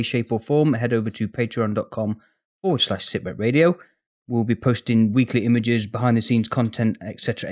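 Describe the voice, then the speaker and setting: A man's voice: mid-range voice, a little mellow. A man from the UK with a mid-range voice co-hosts a casual gaming podcast. He reads the sponsor thanks and teases his mates playfully. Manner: teasing, playful. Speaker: podcast co-host.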